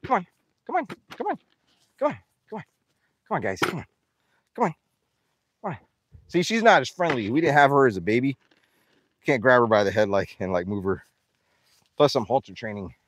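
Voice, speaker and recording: Feeding his farm animals outside, a vlogger laughs, pants with excitement, and talks to the creatures along the way. He has a medium-pitched voice, with slight background noise.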